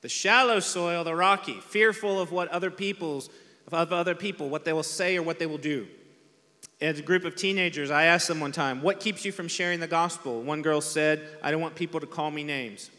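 A man's voice: on the high side, moderate pace, bright, forceful tone. A man preaching a conversational sermon as pastor, self-deprecating and acting out quotes. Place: large church hall. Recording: long hall reverb from a church PA.

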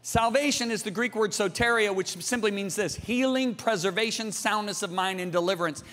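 A man in his sixties preaches with a high, ringing voice that carries long reverb through a big church auditorium. He tells his story to the crowd, calls out to them directly, and swings from loud appeals down to near-hushed passages. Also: brisk. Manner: calls out to the congregation. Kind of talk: sermon. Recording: long reverb of a large hall.

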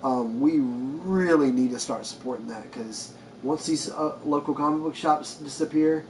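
A man's voice: on the high side, moderate pace, a little mellow. A man co-hosting a live unboxing stream, chatting casually and telling joking stories. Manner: laid-back, joking storyteller. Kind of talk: casual chat. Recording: distant mic with background noise.

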